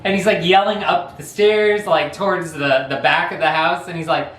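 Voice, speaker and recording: A man's voice: a little high, steady tone, moderate pace, hardly any pauses, fairly bright tone. A man hosting a vlog, telling a story casually in a rambling way and chuckling often. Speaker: vlog host. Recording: echoey room, faint noise.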